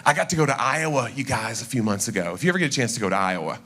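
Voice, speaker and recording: A man with a Southern East Tennessee accent doing a chatty, self-deprecating stand-up set in a church, with quick asides. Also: medium pitch, expressive, bright, forceful tone, slight background noise. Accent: Southern American, East Tennessee. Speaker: stand-up comedian. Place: church sanctuary before a live audience.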